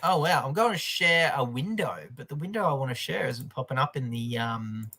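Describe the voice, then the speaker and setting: A man's voice: mid-range voice, expressive, moderate pace, sharp tone, breathy edge. A man with an Australian accent, co-hosting a news comedy livestream in casual chat, joking and swearing freely.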